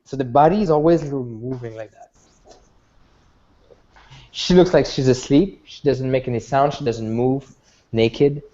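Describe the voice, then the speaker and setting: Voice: mid-range voice, measured pace, long pauses, dark tone. A game master narrating a tabletop game, rambling and restarting often. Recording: dull lo-fi recording.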